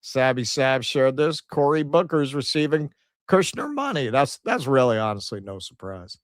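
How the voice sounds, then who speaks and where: A man's voice: mid-range voice, big pitch swings, moderate pace, no echo, studio quality. A man co-hosting a casual political commentary stream, reading out figures and quotes with sarcastic asides. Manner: sarcastic, reads out poll numbers and quotes, mocking asides.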